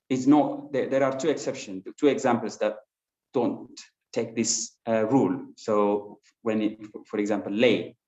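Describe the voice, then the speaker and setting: A man teaching an English class online, patiently explaining with many fillers and restarts. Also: mid-range voice. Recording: dull lo-fi sound in an echoey room.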